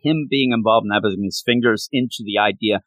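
A man chatting casually on a podcast, excited and rambling, often restarting his sentences. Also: on the low side, a little fast, no room sound. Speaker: podcast co-host. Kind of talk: casual chat about comics.

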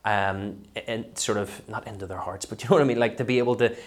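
Rambling Northern Irish man, lowish voice. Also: fairly even intonation, quick pace. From Northern Ireland. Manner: rambling, self-deprecating, frequent fillers and restarts. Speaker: comedian guest. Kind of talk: podcast interview, casual chat.

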